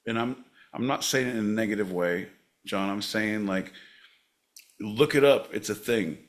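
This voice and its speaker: A man's voice: on the low side, moderate pace. Profane, sarcastic male podcast co-host. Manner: sarcastic, profane, bursts into loud shouting. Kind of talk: crude comedic banter.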